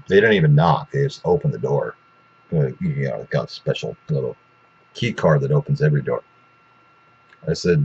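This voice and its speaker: A man's voice: rumbling low, husky, muffled recording. A man telling a rambling, profane story in a casual way, with lots of restarts.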